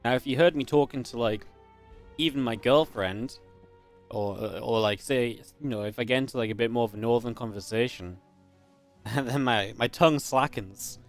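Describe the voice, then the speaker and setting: A man's voice: medium pitch, normal speed, faint music behind. A young man from northeast England with a light Geordie accent, casually casting a game and chatting with viewers in a rambling way. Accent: northeast English (Geordie). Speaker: esports caster. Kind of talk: casual live-stream commentary and chat.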